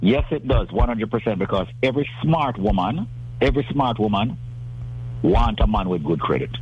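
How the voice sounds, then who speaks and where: A man's voice: lowish voice, animated, moderate pace, muffled recording, a little hiss or hum. A man talking about credit as a guest on a radio talk show, emphatic and salesman-like, often repeating his words.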